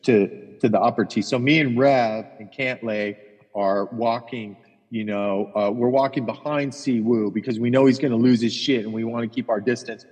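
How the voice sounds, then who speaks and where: Husky man telling profane rambling stories. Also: mid-range voice, steady tone, normal speed, a little mellow, in a large hall, rough recording. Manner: profane, rambling anecdotes with repeated restarts. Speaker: golf caddie and podcast co-host. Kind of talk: casual storytelling chat.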